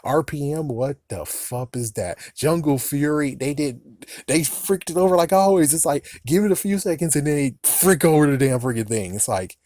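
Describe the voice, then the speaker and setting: A man's voice: fairly high pitch, normal speed, warm tone, dry recording. Ranting man in casual commentary. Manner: ranting, swears often, laughs between remarks. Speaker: YouTuber giving opinions.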